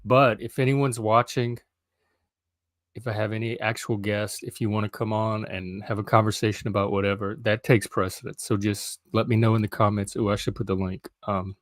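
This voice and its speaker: Low-voiced man rambling on a stream. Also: flat delivery, moderate pace, no echo, studio quality. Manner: rambling, hesitant, lots of ums. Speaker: live stream host. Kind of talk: casual solo live stream chat.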